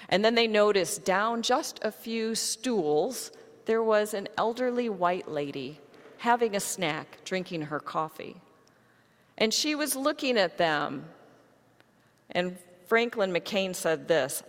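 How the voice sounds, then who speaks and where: A woman pastor delivering a sermon, telling a story to her congregation in a measured way. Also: medium pitch, lively intonation, in a large hall.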